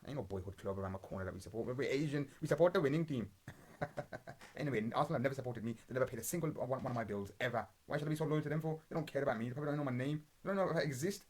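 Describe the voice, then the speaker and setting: A young man talks fast and in a husky voice as he rattles through match reactions. His football banter is blunt and rambling, heavy with slang and swearing. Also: medium pitch, a little mellow. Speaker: podcast host. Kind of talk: casual football watch-along commentary.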